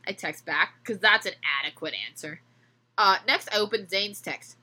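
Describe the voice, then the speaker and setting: A woman's voice: mid-range voice, expressive, measured pace, bright, forceful tone, breathy edge. A young woman hosting a podcast, reading fan fiction aloud and breaking off to joke and laugh. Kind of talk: comedic reading with chat.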